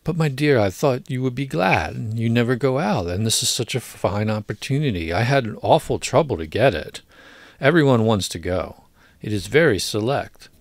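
A man's voice: mid-range voice, vocal fry, dry recording. A man reading the part of an anxious husband, a humble clerk who coaxes and frets.

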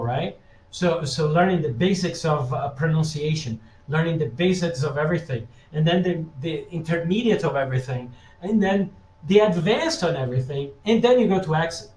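A man with a high voice teaches live over a webinar. He answers questions from the chat and keeps asking "yeah?" to check that his listeners follow. His voice rings around an echoey room. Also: a little mellow. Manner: reads out chat questions and answers them directly. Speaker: language teacher presenting a webinar.

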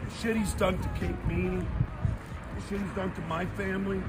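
A man angrily ranting and shouting taunts outdoors in a neighborhood street, filming on a handheld phone. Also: sits high, steady tone, normal speed, very noisy. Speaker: vlogger confronting a critic. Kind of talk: angry street rant.

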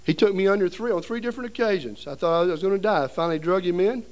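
A man's voice: sits high, rapid-fire. A middle-aged man preaching at a seminary seminar, telling a story with humor and acting out voices and sounds. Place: seminary hall before an audience.

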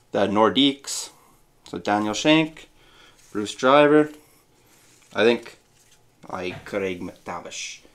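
Chatty man opening card packs. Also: mid-range voice. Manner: chatty, muses aloud with hums. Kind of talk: casual unboxing chat.

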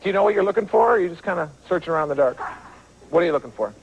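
A man's voice: high voice, animated, racing, vocal fry, rough recording. A man hosting a TV dating game show, teasing the contestants with jokes in front of a live studio audience. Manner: wisecracking, teasing. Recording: loud studio audience and noise.

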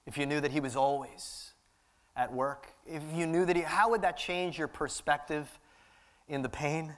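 High-voiced impassioned male preacher. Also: moderate pace, a bit bright. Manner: impassioned, repetitive preaching cadence. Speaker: pastor. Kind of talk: sermon. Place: church sanctuary.

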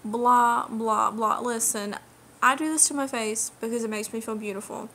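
A woman's voice: on the high side, brisk, sharp tone, a little hiss or hum. A young woman ranting straight to camera in a vlog, indignant and emphatic, lecturing and repeating her key phrases. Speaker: vlogger. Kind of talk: direct-to-camera rant.

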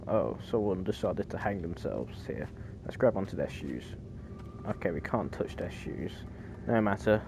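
A man's voice: lowish voice, noisy background. A man giving casual, jokey let's-play commentary on a horror game, easily startled and chatty. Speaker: gaming YouTuber.

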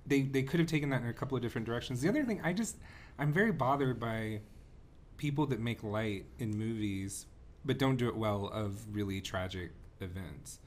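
A man's voice: medium pitch, brisk, slight background noise. A man co-hosting a movie podcast, chatting casually and with strong opinions, often breaking into laughter. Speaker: podcast co-host.

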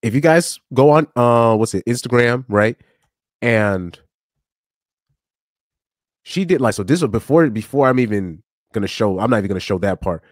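A man giving casual reaction commentary on a live stream clip, animated, with stammering restarts and frequent laughs. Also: medium pitch, normal speed, pauses often, no echo, clean studio sound.

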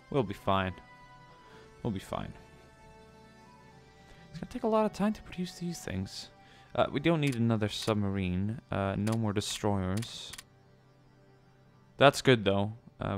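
A man's voice: fairly low pitch, creaky. A man giving casual gameplay commentary, chatty, with many ums and joking asides. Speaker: let's play gamer.

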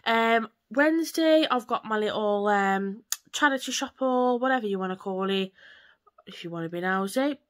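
A woman's voice: medium pitch, moderate pace. A woman, chatting casually and rambling on in a home vlog from her living room. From England. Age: 20s. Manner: chatty, rambling, swears lightly. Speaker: vlogger.

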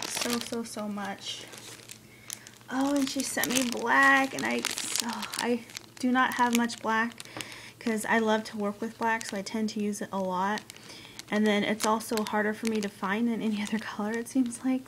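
A woman with a fairly high voice gushes as she opens a package of craft supplies, slow and drawn out in her delivery. She keeps sighing over how pretty everything is, with gasps and squeals along the way. A steady hiss of background noise sits under her voice. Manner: gushing, excitable, squeals and gasps. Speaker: craft vlogger. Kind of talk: casual unboxing chat.

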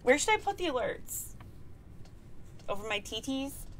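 A woman's voice: sits high, very animated, measured pace. A young woman streaming live, chatting casually and greeting viewers, breaking into frequent laughter. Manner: giggly, laughs often and reads chat names aloud.

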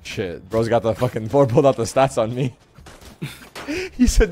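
A man's voice: mid-range voice, lively intonation, normal speed, mellow, soft background music. A man streaming a competitive shooter game, brash and profane, joking with teammates as he plays. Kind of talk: live gameplay streaming with teammates. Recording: game sounds and noise behind.

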